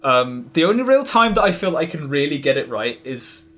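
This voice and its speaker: A man's voice: fairly high pitch, big pitch swings, moderate pace, fairly bright tone. A man chatting casually as a podcast guest, rambling with lots of fillers and restarts. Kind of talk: casual interview chat.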